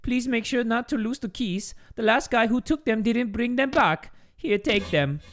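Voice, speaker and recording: A man's voice: very high-pitched, normal speed, a bit bright, voice pushed up. A man voicing a squeamish, chatty late-night store clerk in an odd put-on foreign accent, reading game dialogue. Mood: polite.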